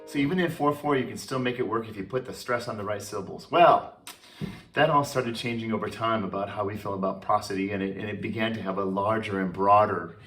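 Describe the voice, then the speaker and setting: A man, a choral conductor, giving a relaxed and chatty talk, with many fillers and restarts. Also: fairly low pitch, brisk, soft background music. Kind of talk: informal talk.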